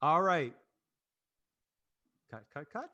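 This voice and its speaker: A man's voice: on the high side, very animated, slow, sharp tone, muffled recording. A man hosting a casual marketing livestream, rambling and cutting himself off, laughing easily. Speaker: host and agency president.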